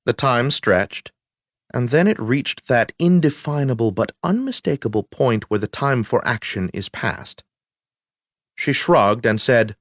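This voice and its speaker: A man's voice: mid-range voice, expressive, measured pace, dry recording. A man narrating an audiobook in the first person, with dry, wry understatement.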